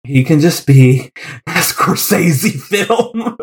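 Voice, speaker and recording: Guy cohosting a podcast, jokey, laughs a lot, sounds pretty animated. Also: fairly high pitch, drawn-out words. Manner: joking, laughs often. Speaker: podcast co-host. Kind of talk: casual chat.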